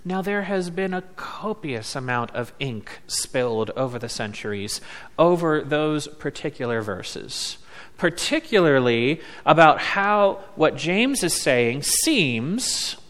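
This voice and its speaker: A man preaching a sermon as a pastor, slow and deliberate, leaning on words with emphatic pauses. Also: medium pitch, a bit bright. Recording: long reverb of a large hall.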